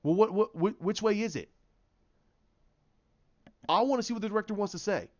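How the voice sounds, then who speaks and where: A man's voice: high voice, moderate pace, a little mellow, dull audio. A man giving an impassioned, opinionated solo commentary, often repeating himself and restarting phrases as he argues his point. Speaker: YouTube commentator.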